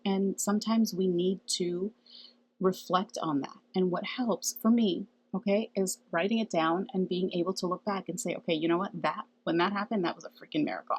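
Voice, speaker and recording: Husky-voiced woman chatting earnestly. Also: on the low side, rough recording. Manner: chatty, earnest, laughs often, asks "okay?". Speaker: spiritual channel host. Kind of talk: casual spiritual talk to camera.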